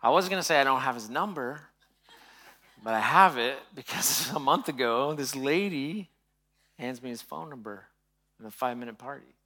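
A pastor in his forties giving a sermon, telling a personal story in a hushed voice and then preaching more loudly. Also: expressive, moderate pace. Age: 40s. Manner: soft and hushed while telling a personal story, louder and higher when preaching.

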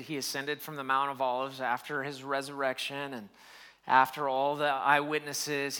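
A man's voice: medium pitch, bright, forceful tone. A man preaching a sermon, reading scripture and building emphasis as he explains it. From United States. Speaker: pastor.

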